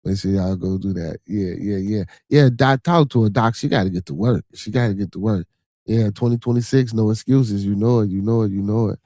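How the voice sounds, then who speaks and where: A man's voice: on the low side, a little fast, dark tone, dry recording, studio quality. A man hosting a livestream podcast, rambling in casual, profane chat and talking back to his viewers. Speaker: podcast host.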